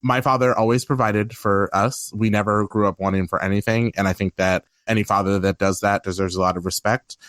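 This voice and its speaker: A low-voiced man speaks openly and reflectively as a podcast guest, his voice catching with emotion now and then. The recording is dry and close, with no room sound. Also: a bit bright, no echo. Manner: candid, reflective, tearful at times. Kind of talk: emotional personal conversation.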